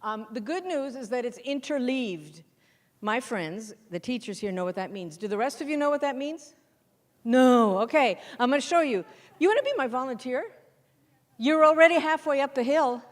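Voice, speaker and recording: A middle-aged woman with a fairly high voice gives an animated workshop to a room full of teachers. She keeps tossing questions out to the audience and then answers them herself. Her voice rings with long reverb from a large hall. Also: moderate pace. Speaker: teacher trainer and textbook author. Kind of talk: lively workshop talk to teachers.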